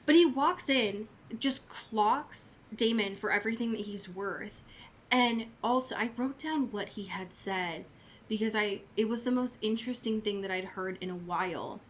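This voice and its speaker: A woman co-hosting a podcast in casual chat, animated and swearing, often laughing. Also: mid-range voice, moderate pace, slight background noise. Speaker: podcast co-host.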